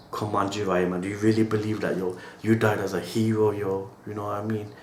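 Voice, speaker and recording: A man's voice: on the low side, flat delivery, fairly quick, hardly any pauses, darkish tone, slight background noise. A man giving an emotional reaction monologue as an anime reaction host, talking in slang and tagging his lines with a casual "yo". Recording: roomy echo.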